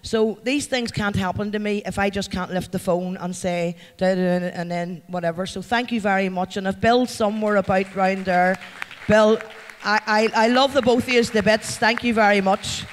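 A man's voice: high voice, steady tone, moderate pace, a little hiss or hum. A man with a Northern Irish accent giving a heartfelt, chatty acceptance speech to a live audience and thanking people by name. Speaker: award recipient addressing a company event. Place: large event hall. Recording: long hall reverb.

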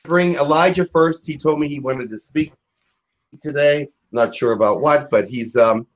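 A man, a channeler, chatting casually in a gentle, reassuring way with small hesitations. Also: on the high side, moderate pace, low-quality recording. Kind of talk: casual chat.

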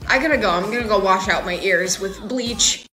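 A woman's voice: medium pitch, brisk, a bit bright, soft background music. A young woman acting out comedic POV skits with exaggerated, dramatic reactions. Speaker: skit creator.

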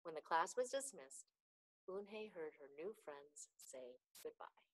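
A woman's voice: sits low, lively intonation, measured pace, rough recording. Woman reading a children's storybook aloud. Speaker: book club reader.

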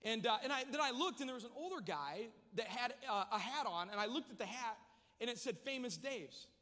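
A man preaching a sermon, telling a humorous story with lively energy in a large church. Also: very high-pitched, brisk, in a large hall. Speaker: pastor.

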